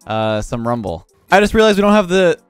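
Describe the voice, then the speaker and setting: Excitable young man commentating gameplay. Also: a little high, a little fast, smooth, faint music behind. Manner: excitable, laughing, frequent exclamations. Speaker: gaming YouTuber.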